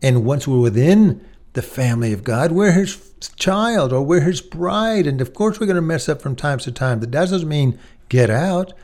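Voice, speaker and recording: A man's voice: on the high side, animated, normal speed, darkish tone. A man preaching a sermon, earnest and emphatic, speaking directly to his listeners as friends.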